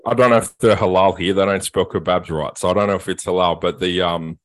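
A low-voiced man co-hosting a casual podcast. He tells stories in a sweary, animated way. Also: fast talker. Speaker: podcast co-host. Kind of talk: casual chat, storytelling.

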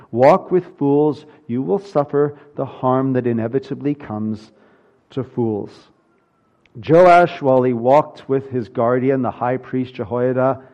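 Male pastor, mid-pitched, earnest sermon delivery with emphatic builds, slightly muffled recording. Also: darkish tone. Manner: earnest preaching, rising to emphatic peaks.

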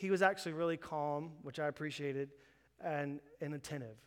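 A man in his thirties preaching a sermon, telling a story and acting out the quoted voices with lively energy. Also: on the high side, a little fast, clean tone. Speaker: pastor. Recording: long hall reverb.

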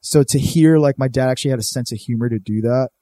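A man's voice: mid-range voice, fast talker, dark tone, no echo. A young man from California, telling a rambling, profane story in casual chat and saying "dude" a lot.

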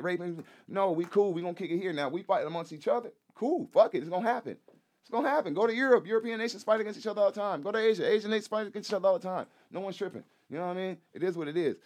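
A man speaks fast and emphatically in a casual podcast chat, his voice sitting a little high. He swears freely, repeats his points and keeps tagging lines with "you know what I'm saying". His talk is loose and conversational. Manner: profane, loose slangy delivery. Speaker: guest, rapper and activist.

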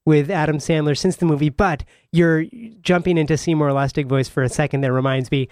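A man hosting a radio interview, asking inquisitive, measured questions. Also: on the high side, fairly even intonation, a little mellow. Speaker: radio host.

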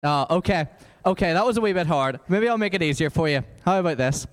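A man with energetic, encouraging delivery leading a quiz for children in a church. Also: on the high side, quick pace. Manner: energetic, encouraging, talks to a crowd. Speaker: children's worship leader running a quiz. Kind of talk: lively church address to children. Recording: echoey church hall.

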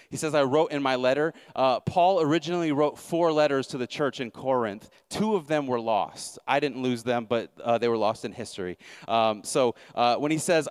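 A man's voice: on the high side, clean tone, no room sound, studio quality. Emphatic male pastor preaching. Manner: emphatic, repeats key lines, wry asides. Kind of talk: sermon.

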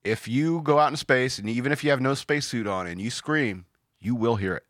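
A man's voice: mid-range voice, fairly quick, fairly bright tone, no echo, studio quality. A man hosting a podcast in casual banter, rambling and joking about news stories. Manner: joking, rambling, puts on silly voices. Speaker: podcast host.

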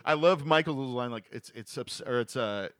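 A man born in Australia but raised in the US, a guest on a casual podcast, soft-spoken and quick to laugh. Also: medium pitch, dry recording, studio quality. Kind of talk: casual chat.

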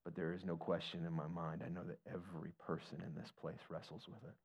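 A man's voice: little pitch movement, brisk, slightly rough. A man preaching a sermon and telling a story, building his voice up with feeling and then dropping to near-whispers. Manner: emotional, builds to a raised pitch then drops to near-whispers. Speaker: pastor.

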